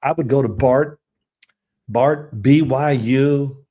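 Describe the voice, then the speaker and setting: An older man, a guest on an interview show, telling animated stories and laughing as he goes. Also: mid-range voice, slow. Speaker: guest, former quarterback. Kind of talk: storytelling in an interview.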